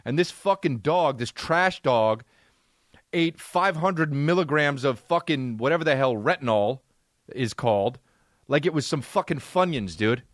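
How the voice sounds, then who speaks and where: A man's voice: a little high, animated, unhurried, no echo, clean studio sound. A man in his thirties, a comedian and podcast host, telling a rambling, profane comic story.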